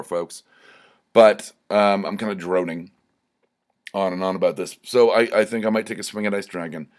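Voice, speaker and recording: Rambling, self-deprecating young man. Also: lowish voice. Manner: self-deprecating, digressive, many restarts. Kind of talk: rambling personal monologue.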